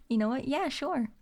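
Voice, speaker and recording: A woman chatting softly as an ASMR streamer, giggly and slipping into whispers as she talks to viewers on a close mic. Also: sits high. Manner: giggly, reads chat aloud and thanks viewers; drifts into whispers. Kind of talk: soft-spoken ASMR chat.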